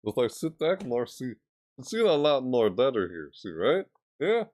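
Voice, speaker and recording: A man who makes gaming videos, chatting casually to camera, reading out viewer messages and answering them in a rambling way, with sudden high yelps. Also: big pitch swings, normal speed, a little mellow, no room sound, studio quality. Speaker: gaming YouTuber reacting to trailers and chat.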